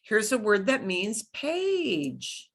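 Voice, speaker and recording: Bright slow-speaking woman teacher. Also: mid-range voice, huge pitch swings. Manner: slow, clear modeling of pronunciation. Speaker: Spanish teacher. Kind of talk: beginner language lesson.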